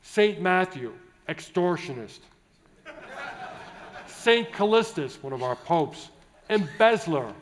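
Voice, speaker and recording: A priest gives a keynote talk to a large conference hall. He sounds chatty and jovial, wanders into asides and restarts his sentences often. His voice sits a little higher than most men's. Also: big pitch swings, takes it slowly, long pauses. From United States. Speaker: Catholic priest, keynote speaker.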